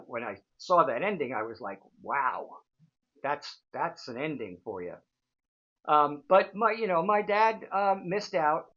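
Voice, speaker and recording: A man's voice: fairly high pitch, muffled recording. A man in his sixties, a show host telling a casual, rambling story full of fillers. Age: 60s. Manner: chatty, rambling, frequent fillers.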